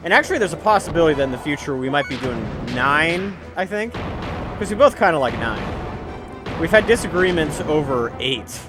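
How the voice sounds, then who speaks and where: A man giving casual, jokey commentary over a video game he is playing, talking freely and breaking into loud excited outbursts. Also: on the high side, moderate pace, over music. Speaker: let's play commentator.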